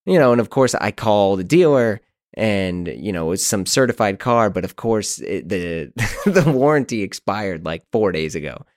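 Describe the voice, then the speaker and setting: A podcast host in his thirties with a low-pitched voice, talking loosely through a long story. He is animated and quick to poke fun at himself. The sound is dry and close. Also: dry recording. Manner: animated, self-deprecating, rambling. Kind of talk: casual storytelling monologue.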